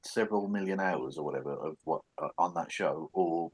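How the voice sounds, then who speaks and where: A man's voice: deep voice, fairly quick, slightly rough. A man co-hosting a casual chat, grumpy, sardonic and sweary. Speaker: co-host.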